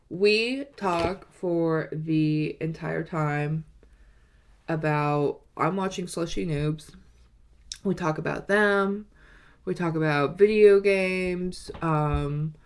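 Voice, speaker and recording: A woman in her twenties telling a dating story in a rambling, casual way, with lots of "like" and "you know". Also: on the low side. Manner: animated, acts out quoted lines. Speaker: vlogger.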